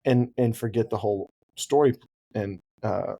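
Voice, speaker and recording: A man's voice: on the low side, moderate pace, vocal fry, warm tone. A man co-hosting a podcast, talking animatedly about books and laughing easily. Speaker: podcast co-host. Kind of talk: casual book discussion.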